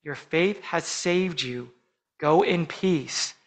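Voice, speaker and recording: A man preaching a sermon as pastor, earnest and measured, slowing down for emphatic phrases. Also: a little high, rough recording.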